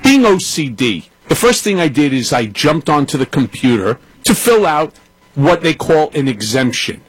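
Indignant New York man, lively husky voice. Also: fairly high pitch, moderate pace, no room sound, rough recording. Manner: emphatic, indignant storytelling. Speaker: lawyer guest. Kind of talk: panel discussion.

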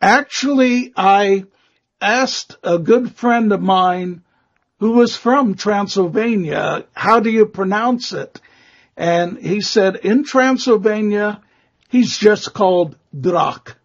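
Male interview guest: high-pitched for a man, husky and gravelly, slow and halting delivery, muffled lo-fi sound. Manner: slow, halting, many fillers. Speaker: guest expert on vampire lore. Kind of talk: conversational storytelling interview. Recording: muffled lo-fi audio.

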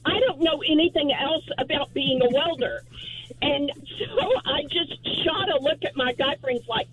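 High-voiced woman telling a sheepish story. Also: normal speed, fairly bright tone, no room sound, rough recording. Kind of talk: telling a story on a radio call-in.

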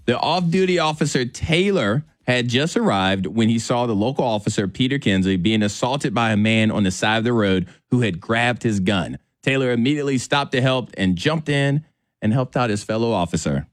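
Male radio host, playful, animated pitch, dry studio sound. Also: moderate pace, no room sound. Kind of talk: radio show chat.

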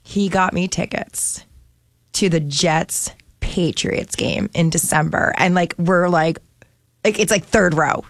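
A chatty woman with a lowish voice tells a story on a radio talk show. She giggles often and scatters fillers all through her speech. The sound is close and dry. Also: slow, vocal fry, no room sound. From New Jersey. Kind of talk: casual chat.

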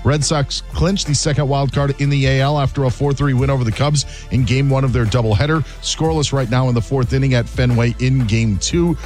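A man delivering a sports news update in a quick, clipped news style. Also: medium pitch, darkish tone. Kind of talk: brisk sports news read.

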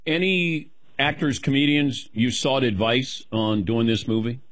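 A man's voice: mid-range voice, a little slow, a bit bright, dry recording. A man hosting a casual interview, asking playful questions and laughing easily. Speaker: interview host.

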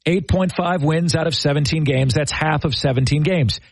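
A male sports radio host drives his argument with rhetorical questions and emphatic answers. His voice sits a little high and sounds dry and close to the mic. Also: normal speed, vocal fry, husky, no room sound. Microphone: studio microphone.

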